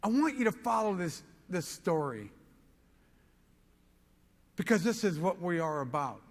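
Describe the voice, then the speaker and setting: A man giving a motivational keynote speech, telling an excitable story and rising to shouts. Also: high-pitched, measured pace, in a large hall. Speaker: motivational speaker.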